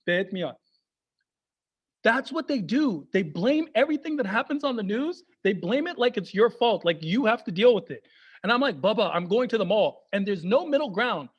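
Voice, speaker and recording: A man doing stand-up comedy, animated and mixing in Persian phrases. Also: high voice, a little fast, husky, muffled recording.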